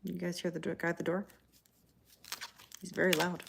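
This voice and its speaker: A woman's voice: fairly low pitch, little pitch movement, normal speed, gravelly, a bit bright, a little hiss or hum. A Canadian woman with a Canadian accent, giving a casual live-stream tarot reading and answering viewer comments. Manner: chatty, laughs often, answers viewer comments. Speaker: tarot reader.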